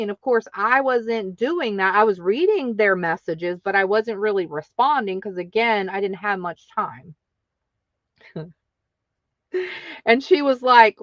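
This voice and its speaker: A woman's voice: mid-range voice, unhurried, no echo, lo-fi sound. A woman hosting her craft channel, telling a story casually and acting out other people's lines in exaggerated voices.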